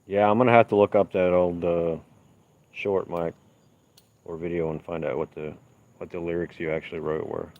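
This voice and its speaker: A man with a notably deep, low voice talks in a relaxed, meandering way, answering viewer comments as he strolls outside at night. The sound is muffled and lo-fi, like a phone stream. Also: moderate pace. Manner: easygoing, rambling, low-key. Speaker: livestream host. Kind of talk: casual live-stream chat, reading viewer comments. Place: outdoors at night on gravel.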